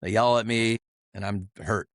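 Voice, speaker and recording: A middle-aged man speaks in a lowish, dry voice, telling his story as a podcast guest. He is earnest and confessional, stopping and restarting often and leaning on filler words. Close and dry, with no room sound. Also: fairly even intonation, dry recording. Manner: halting, full of "you know" fillers and restarts. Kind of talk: candid personal testimony.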